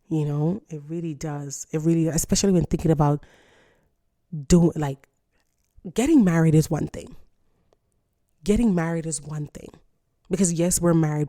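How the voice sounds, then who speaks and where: A woman in her thirties vents in a blunt, profane, emphatic rant. Her voice sits low and mellow, and the sound is close and dry. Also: no room sound. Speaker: vlogger. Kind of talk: casual morning rant to camera.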